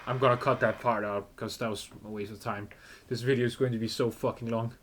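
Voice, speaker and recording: A man's voice: medium pitch, steady tone, a little fast, fairly bright tone. A man giving gameplay commentary, swearing often and ranting in frustration at the game. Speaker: gaming channel host.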